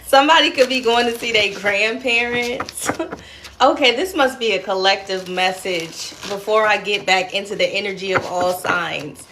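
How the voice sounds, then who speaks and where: A woman's voice: mid-range voice, normal speed. A woman reading tarot cards on a live stream, chatty and giggly, calling her viewers darling and using slang, over noisy background hiss. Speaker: tarot reader.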